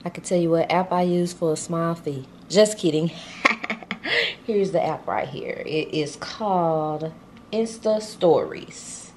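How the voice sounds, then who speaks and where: A middle-aged woman vlogs her day, speaking casually to the camera in a chatty, laid-back way that sometimes turns loud and excited. Her voice sits on the low side and moves a little slowly, with slight background noise in the recording.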